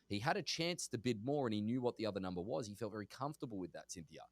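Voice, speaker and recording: A man chatting on a podcast as a guest agent, telling an animated story and acting out both sides of phone calls. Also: mid-range voice, very fast, few pauses, dry recording. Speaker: guest, auction real estate agent. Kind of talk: casual storytelling in a podcast chat.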